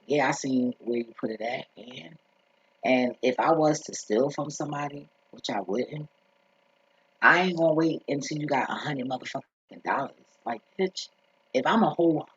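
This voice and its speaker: A husky, medium-pitched male voice on a dry, dull lo-fi recording belongs to a vlogger telling a casual story. He's profane and blunt, wandering off into asides and often asking "you feel me."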